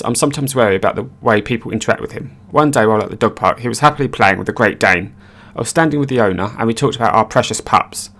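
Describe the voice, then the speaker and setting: A man giving scripted narration of online stories in a brisk, matter-of-fact reading voice. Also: lowish voice, a bit bright.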